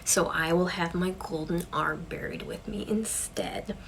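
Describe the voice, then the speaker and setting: A woman's voice: on the low side, measured pace, creaky, whispered, low-quality recording. A woman voicing a devoted elderly wife, speaking earnestly in her own plain voice.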